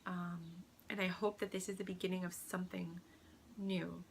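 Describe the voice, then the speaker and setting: A woman talking softly and earnestly in a personal spiritual vlog at home, sometimes dropping to a whisper. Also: fairly low pitch, flat delivery, normal speed, vocal fry, slight background noise. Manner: soft, earnest, drifts into whispers. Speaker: vlogger.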